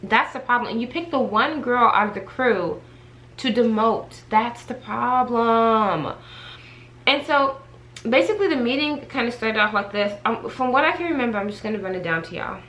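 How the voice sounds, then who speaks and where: A woman vlogger chatting to her viewers in a casual storytime, animated and talkative as she addresses them directly. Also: a little high, brisk, low-quality recording. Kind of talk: casual storytime chat to camera.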